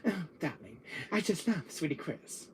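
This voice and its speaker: A man's voice: fairly high pitch, sing-song, moderate pace, a little mellow, breathy edge, exaggerated voice. A man voicing a lovestruck villain under a love potion, with a swooning, camp drawl.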